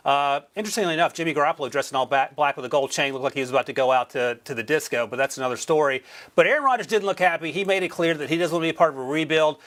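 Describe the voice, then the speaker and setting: A man from North Carolina, a sports analyst guest, talking through draft picks in a quick, joking way on a studio mic. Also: on the high side, fairly bright tone. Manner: quick, joking, chuckles while explaining.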